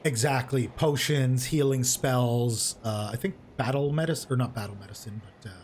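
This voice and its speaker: A man's voice: medium pitch, normal speed, darkish tone, a little hiss or hum. A man working as game master, narrating a tabletop game in a loose, rambling way with many restarts. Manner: rambling, lots of fillers and restarts.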